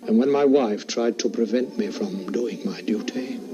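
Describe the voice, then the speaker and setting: An actor playing an eerily polite ghostly butler, speaking formally with quiet menace, heard in a film clip with music behind. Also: male voice, lowish voice, moderate pace, highs cut off, close to an everyday voice. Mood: menacing, courteous.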